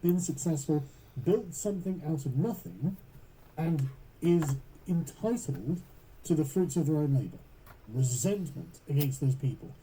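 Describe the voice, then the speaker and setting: A man's voice: on the high side, mellow, breathy edge, rough recording. A British man giving podcast commentary in emphatic, profane, long run-on sentences. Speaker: political commentator.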